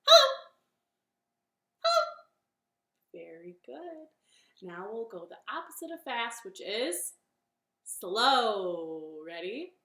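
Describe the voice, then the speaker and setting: A woman's voice: mid-range voice, animated, slow pace, sharp tone, echoey room. A woman hosting a children's storytime from her living room, talking cheerfully and directly to young children. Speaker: library storytime host.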